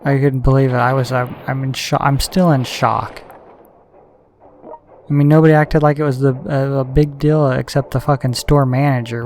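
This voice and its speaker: A man's voice: medium pitch, creaky, darkish tone, slight background noise. A man doing strategy game commentary, ranting heatedly and swearing a lot. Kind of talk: gaming commentary with a profane rant.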